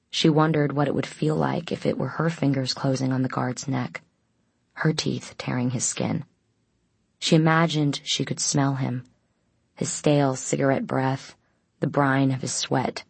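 A woman narrating an audiobook in a steady, even storytelling manner. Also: low-pitched, creaky, husky, no echo. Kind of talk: scripted narration.

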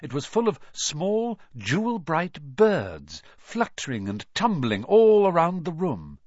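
Animated male storybook narrator. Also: a little high, slow, dry recording, lo-fi sound. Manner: animated, dramatic reading. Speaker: audiobook narrator.

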